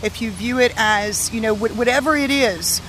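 A woman working as a medium, telling stories in an animated, casual conversation with frequent laughter. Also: on the high side, normal speed, a little hiss or hum.

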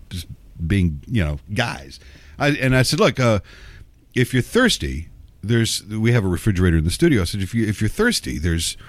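A man rambles through a talk radio monologue, sarcastic and profane, restarting his sentences. His pitch swings widely as he talks, and the sound is dry and close. He is getting over a cold. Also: a bit bright, no room sound. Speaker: radio show host.

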